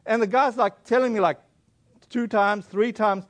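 A man from South Africa tells his story from the pulpit in an earnest sermon voice. His voice sits high, and he often restarts his sentences as he speaks. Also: normal speed. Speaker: pastor. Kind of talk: sermon testimony.

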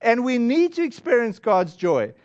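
A man preaching in a high voice, chatty and loose, with frequent restarts as he acts out what his listeners might say. The recording sounds somewhat dull and lo-fi. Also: sing-song, normal speed, darkish tone. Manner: conversational, with many restarts and acted-out quotes of congregants. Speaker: pastor. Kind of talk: sermon.

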